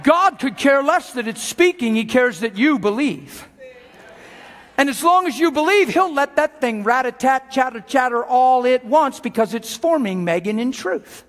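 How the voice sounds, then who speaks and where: Energetic male preacher, exhorting, high-pitched, echoing hall with audience. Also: moderate pace. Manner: animated, exhorting, acts out voices. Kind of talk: lively sermon with acted skits.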